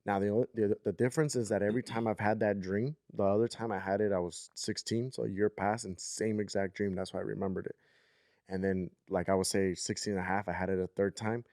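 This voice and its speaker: A man in his thirties tells a long story on a podcast, rambling and checking in with his listener. His voice sits on the low side. The recording is dry and close. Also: fairly even intonation, quick pace, a little mellow, no room sound. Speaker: podcast co-host. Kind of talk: casual storytelling chat.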